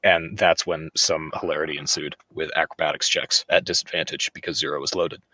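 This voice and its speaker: A man's voice: rumbling low, steady tone, brisk, pushed and bright, no echo. A man co-hosting a podcast in casual chat, rambling with lots of fillers. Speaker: podcast co-host.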